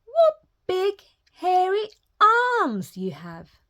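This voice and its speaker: A woman voicing a sweet young girl, speaking high and wide-eyed. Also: wildly swooping pitch, slow, exaggerated voice. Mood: wondering.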